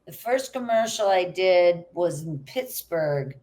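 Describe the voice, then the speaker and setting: A middle-aged actress chatting as a guest in an interview, telling stories in an animated way. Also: female voice, on the low side, slow. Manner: chatty, animated storytelling with quoted asides. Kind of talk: casual interview chat.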